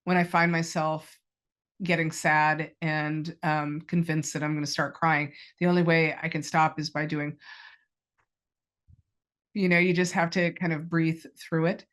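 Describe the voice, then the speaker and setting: A woman's voice: deep voice, flat delivery, a little slow, a bit bright. Candid woman in her fifties. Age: 50s. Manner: candid and reflective, with frequent fillers. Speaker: cancer patient guest. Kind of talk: personal story in an interview.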